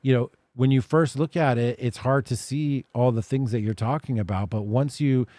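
In this dry recording, a male podcast host muses reflectively during a conversational interview, working through his ideas at length. His mid-range voice has a dark tone, and he keeps a moderate pace.

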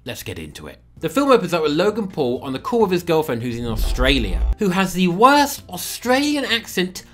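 A man's voice: high-pitched, huge pitch swings, brisk, fairly bright tone, faint music behind. Sarcastic young man reviewing a film. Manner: sarcastic, swearing, playful asides. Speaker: movie reviewer. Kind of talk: comedic movie review commentary.

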